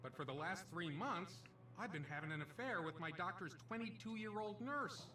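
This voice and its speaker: A man's voice: sits high, expressive, moderate pace, pushed and bright, reverberant, recorded from a distance, slight background noise. An actor playing a cheesy male casino stand-up comedian, delivering punchy jokes and doing comic voices. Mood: brash.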